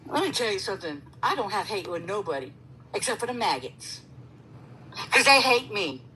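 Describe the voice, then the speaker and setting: A woman arguing heatedly on a live stream, profane and confrontational, with loud outbursts. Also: medium pitch, very animated, normal speed, noisy background. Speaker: guest caller.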